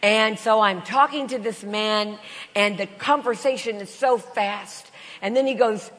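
Slow, storytelling woman preacher with a cold. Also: on the high side, a bit bright, slight background noise. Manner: storytelling, puts on voices, laughs between lines. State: has a cold. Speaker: Christian speaker. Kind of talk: sermon with humorous travel stories. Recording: long reverb in a large hall.

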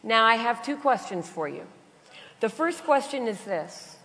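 A woman's voice: a little high, animated, measured pace, gravelly, fairly bright tone. A woman Christian speaker with a cold, preaching a sermon full of funny stories, putting on voices and laughing between lines. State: has a cold. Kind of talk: sermon with humorous travel stories. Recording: long reverb in a large hall.

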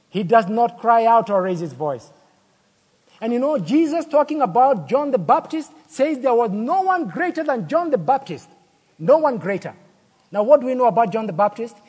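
A man delivers a sermon in a husky, high-pitched voice. He tells little stories and acts out the people in them, then drives the point home with rhetorical questions. His voice rings out with a long reverb, as if in a large church hall. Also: darkish tone. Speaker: preacher.

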